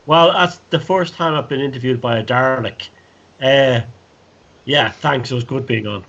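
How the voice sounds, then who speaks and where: A man from Ireland, with a voice of middling pitch, is an author giving interview answers. His replies are brief and dry. His call audio sounds dull and lo-fi. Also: normal speed, creaky, a bit bright. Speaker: guest author.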